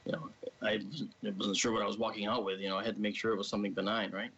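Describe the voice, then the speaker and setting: A man tells a personal story in a casual, animated way, jumping up high to mimic the people he quotes. His voice has a gravelly edge, and the stream audio sounds dull and lo-fi. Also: very fast, a crowd in the background. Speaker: guest.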